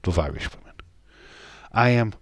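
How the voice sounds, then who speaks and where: A man's voice: fairly low pitch, animated, moderate pace, dry recording. A man, casually chatting on a live stream and bantering with chat comments, swearing now and then.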